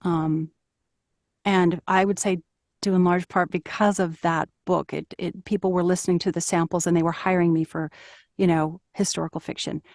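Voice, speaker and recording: A woman's voice: lowish voice, little pitch movement, moderate pace, a little mellow, dry recording. Earnest middle-aged woman narrator, dry sound. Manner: earnest, reflective, with fillers and restarts. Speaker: audiobook narrator, guest. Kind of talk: conversational interview.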